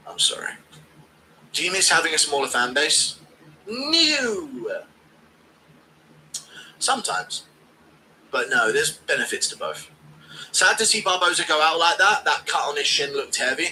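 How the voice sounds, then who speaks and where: A man's voice: on the high side, sing-song, measured pace, pauses often, pushed and bright, a little hiss or hum, rough recording. A man streaming a casual watch-along, joking crudely and reading out donations.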